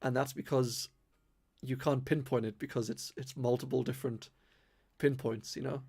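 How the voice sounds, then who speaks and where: Young man, London accent with a faint Irish twang, casual stream chat, rambling, lots of ums, mid-pitched voice. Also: fairly even intonation, moderate pace, a little mellow, breathy edge. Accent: London mixed with slight Irish twang. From London, England. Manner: rambling, many fillers and self-restarts; careful enunciation. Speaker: streamer answering viewer questions.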